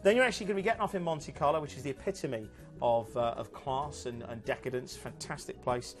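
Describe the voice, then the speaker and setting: A man's voice: medium pitch, fast, soft background music. A man presenting cruise holidays on a TV sales show, chatty and upbeat with lots of fillers. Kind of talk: enthusiastic sales chat.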